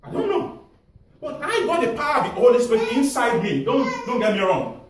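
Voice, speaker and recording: A man with a Nigerian accent preaches in a high, lively voice, calling out questions for the congregation to answer. His words ring through a big echoey church hall, picked up from a distance with faint ambient noise. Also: a little fast. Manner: animated, asks the audience to fill in answers, laughs often. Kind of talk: sermon.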